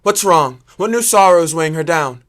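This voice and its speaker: An actor playing a young prince torn by forbidden love, speaking earnestly and often subdued in a stage drama. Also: male voice, on the high side, lively intonation, brisk, a bit bright.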